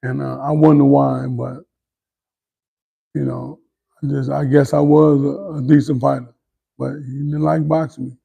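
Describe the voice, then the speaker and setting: A man's voice: medium pitch, flat delivery, a little slow, vocal fry, long pauses, husky, phone-quality sound. A middle-aged man, a former boxer, telling candid stories in an interview, boastful and swearing freely. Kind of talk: storytelling interview.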